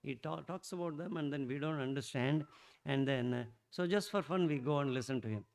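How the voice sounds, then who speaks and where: A middle-aged man, telling a devotional story at a satsang in a rambling, animated way, restarting often and bursting out louder. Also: on the high side, fairly quick, vocal fry. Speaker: satsang speaker.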